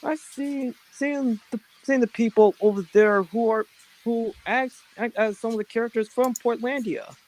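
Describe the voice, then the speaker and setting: A man from California chatting on a stream panel, halting with many restarts. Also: very high-pitched, fairly even intonation, low-quality recording. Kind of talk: casual podcast chat.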